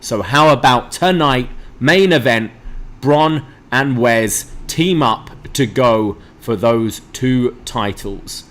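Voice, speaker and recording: A man's voice: medium pitch, slow, fairly bright tone. Man recapping wrestling. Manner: recaps events, mimics wrestlers' lines. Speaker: co-host. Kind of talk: wrestling review podcast.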